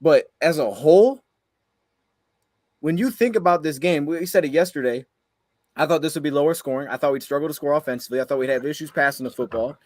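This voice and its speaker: A man's voice: on the high side, quick pace, a little mellow, no room sound. A man co-hosting a sports podcast, ranting heatedly after a game and firing off frustrated rhetorical questions. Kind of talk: heated post-game rant.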